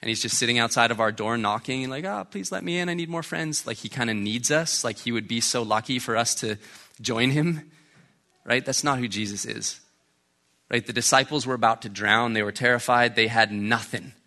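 A man's voice: medium pitch, steady tone, moderate pace, sharp tone. A man, a pastor, preaching a sermon in a conversational way and often checking in with "right?". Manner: conversational, keeps asking "right?".

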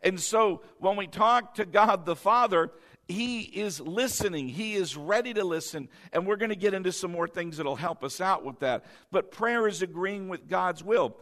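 A high-pitched man delivers a sermon from the pulpit. He drives his points home by repeating short phrases and having the congregation echo them back. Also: moderate pace, a bit bright. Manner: emphatic preaching, repeating key phrases for the congregation. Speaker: pastor.

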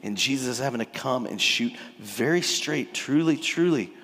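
A man from Texas, preaching an emphatic, animated sermon. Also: mid-range voice, normal speed, in a large hall, a little hiss or hum. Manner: animated, emphatic, acts out scripture dialogue. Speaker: pastor.

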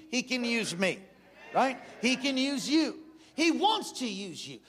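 A middle-aged man preaching a sermon, intense and animated, telling stories and jumping into high voices for characters. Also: breathy edge.

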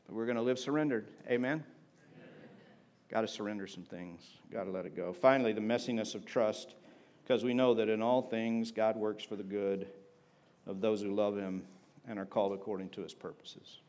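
A man preaching a sermon in a conversational, humorous way, often asking the congregation for an amen. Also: mid-range voice. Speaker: pastor.

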